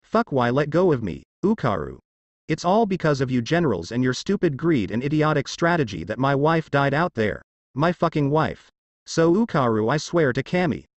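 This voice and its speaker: A man's voice: mid-range voice, very animated, moderate pace, no echo, lo-fi sound, natural voice. A man voicing a grieving, hot-headed young male soldier in a fan story reading, swearing and stammering. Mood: raging.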